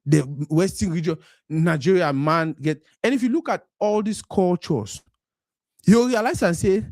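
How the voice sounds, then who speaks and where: A man's voice: on the high side, darkish tone, no echo, clean studio sound. A man from Cameroon with a Cameroonian Pidgin English accent, hosting a live stream in a casual monologue that slides between Pidgin and English. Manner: mixes Pidgin and English, acts out quoted voices.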